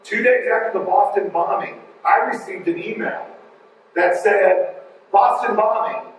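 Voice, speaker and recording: A man giving a live conference talk, joking and animated, wandering off on side remarks. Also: high voice, unhurried, a little hiss or hum. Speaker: conference speaker. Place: large conference hall. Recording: echoey hall, mic from far off.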